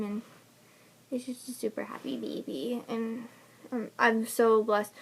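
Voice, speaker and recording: A woman's voice: fairly high pitch, gravelly, darkish tone. A young woman casually telling the story of giving birth, chatty and laughing often between fillers. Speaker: new mother telling her birth story. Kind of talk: casual personal vlog storytelling.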